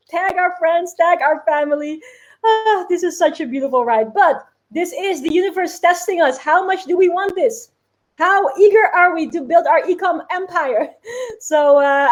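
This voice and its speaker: A woman's voice: very high voice, poor audio. A woman hosting a live online challenge, giving a bubbly, upbeat motivational talk, often laughing and urging viewers to comment. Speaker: host of an online business challenge.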